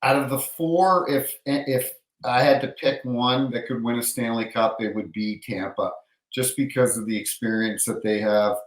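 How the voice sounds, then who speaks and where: A middle-aged man, an NHL referee, telling an animated hockey anecdote in casual storytelling, acting out the voices of others. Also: mid-range voice, moderate pace. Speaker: NHL referee, podcast guest. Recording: roomy echo.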